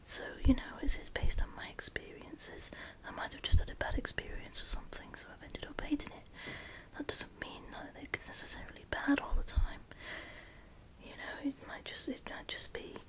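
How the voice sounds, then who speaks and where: A female YouTuber whispers a discussion vlog close to the microphone at home late at night. She rambles at normal speed, frequently restarting her sentences.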